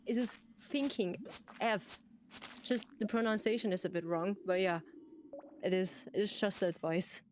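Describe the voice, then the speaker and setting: A woman's voice: mid-range voice, moderate pace, slight background noise. A woman with an Austrian accent, a native German speaker, chatting casually with viewers while streaming a game, giggling and often repeating herself. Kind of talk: casual livestream chat.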